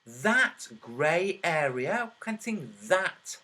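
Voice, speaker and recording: A man making online videos, talking over his screen and counting out loud as he argues his point, his voice a little trembly. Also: on the high side, big pitch swings, slow, long pauses. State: slightly trembly voice. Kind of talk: screen-share commentary.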